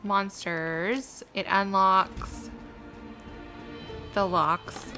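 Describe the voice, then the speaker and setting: A woman's voice: mid-range voice, very slow, pushed and bright, soft background music. A woman giving chatty, giggly commentary while playing a video game. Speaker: let's play gamer.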